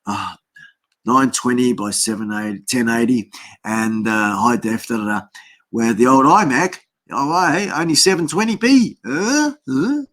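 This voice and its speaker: A man's voice: medium pitch, animated, moderate pace, a bit bright. A middle-aged Australian man hosting a casual livestream from his home desk, rambling through greetings to viewers with many fillers. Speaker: livestream host. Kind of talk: casual live-stream chat.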